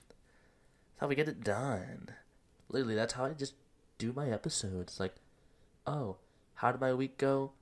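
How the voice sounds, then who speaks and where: A young man hosting a solo podcast, rambling in casual slang, laughing at himself and a bit out of breath. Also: fairly low pitch. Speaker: podcast host.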